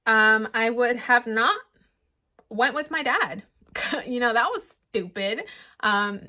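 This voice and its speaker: A woman's voice: a little high, slow. A young woman who grew up in the United States tells a personal story in a vlog, acting out what she thought at each moment. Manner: animated retelling, acting out her own thoughts. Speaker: vlogger.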